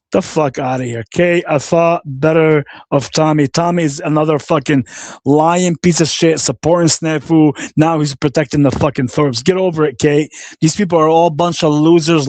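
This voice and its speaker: This man's voice is a little high and a little mellow, captured dry. Hosting a livestream, he launches into an angry rant full of cursing, repeated insults, and viewer comments read out loud, profane and combative throughout.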